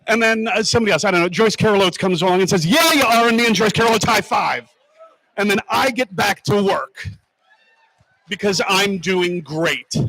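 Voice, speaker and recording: A man gives a comic speech on stage at an awards ceremony, telling stories in an animated way that breaks into sudden loud bursts. His voice sits fairly high for a man. The sound is dry and close, with no echo.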